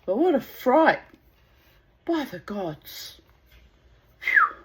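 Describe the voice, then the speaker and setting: Slow-talking woman reading at home. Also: mid-range voice, roomy sound, very noisy. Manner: frank and earthy, swears freely. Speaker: channel host reading aloud. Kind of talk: casual reading aloud at home. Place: home with pet birds.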